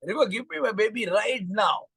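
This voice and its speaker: A man's voice: sits high, lively intonation, normal speed, gravelly, bright, forceful tone, husky, no room sound, pitched above the performer's own voice, exaggerated voice. A man with an Indian English accent voicing a fierce, determined mother bird who issues stern warnings. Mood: stern, demanding. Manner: stern warning tone, repeats threats.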